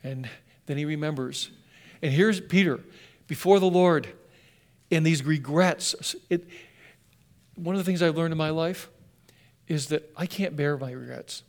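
A man preaching a sermon, telling the story with passion and swinging from loud emphasis to hushed lines. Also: fairly high pitch, a little slow, long pauses.

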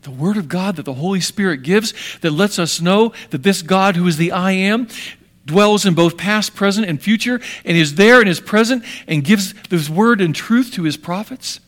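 A man preaching a sermon with dramatic swings between hushed and emphatic delivery. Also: high-pitched, moderate pace.

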